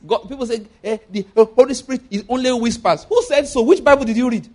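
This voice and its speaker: A preacher with a Nigerian accent and a notably high voice gives a lively, brisk sermon. He chuckles often and fires rhetorical questions at his listeners as he makes his points.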